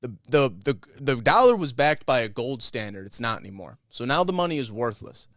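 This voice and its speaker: A man's voice: medium pitch, very animated, a little fast, a bit bright, no echo, clean studio sound. A man co-hosting a podcast, telling a story in a rambling, profane, casual way. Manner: rambling, profane retelling of a conversation. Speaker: podcast co-host.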